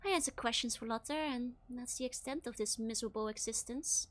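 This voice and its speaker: A woman voicing a sultry, bored talking skull in a slow, languorous whisper, as a whispered role-play. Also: a little high, no room sound, lightly acted. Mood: weary.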